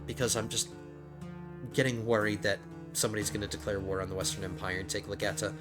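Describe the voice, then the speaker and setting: A man with a fairly low voice talks through his strategy game as he plays, rambling and restarting his sentences. Faint music plays quietly under his commentary. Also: fairly even intonation, quick pace. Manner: thinks aloud, rambling with restarts. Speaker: let's play host. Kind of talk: casual gameplay commentary.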